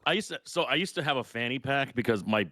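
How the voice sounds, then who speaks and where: A middle-aged man co-hosting a podcast, telling lively, profane stories in casual chat. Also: mid-range voice, quick pace, no echo, clean studio sound. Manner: storytelling, animated, swearing freely. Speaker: podcast co-host.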